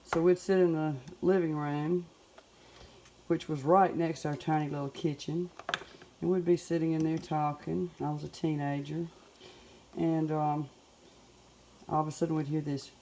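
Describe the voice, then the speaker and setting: A woman's voice: low voice, level tone, moderate pace, pauses often, mellow, slight background noise. A middle-aged woman with a Southern US accent, chatting folksily in her home kitchen as she cooks. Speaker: home cook. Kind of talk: casual cooking demonstration.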